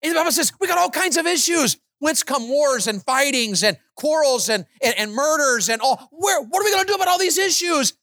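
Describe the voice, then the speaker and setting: Male preacher, lively sermon delivery, rhetorical questions, dry recording. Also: a little fast, hardly any pauses, dry recording. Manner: animated, swings from loud high exclamations to low quiet stretches.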